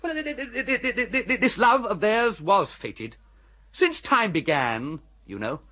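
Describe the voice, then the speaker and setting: Bertie Wooster, a breezy upper-class toff. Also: male voice, high-pitched, sing-song, unhurried, sharp tone, exaggerated voice. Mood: flustered. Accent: upper-class English. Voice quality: breezy, stammering, full of slangy chatter. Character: cheery, scatterbrained young English gentleman. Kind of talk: radio comedy drama.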